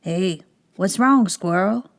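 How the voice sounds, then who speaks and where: A woman's voice: medium pitch, takes it slowly, vocal fry. A woman voicing a laid-back, friendly cat hero in a children's picture-book reading, close to her own voice.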